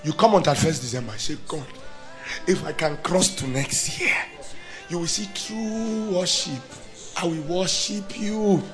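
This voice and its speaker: A man preaching as a pastor, swinging from loud declarations to hushed, acted-out inner voices. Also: high-pitched, a little slow, soft background music. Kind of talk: sermon.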